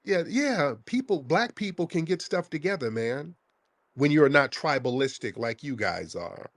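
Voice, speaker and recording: A man's voice: fairly high pitch, sing-song, measured pace, a bit bright, dry recording. A man hosting a call-in show, confronting a caller in a heated, scornful, interrogating way.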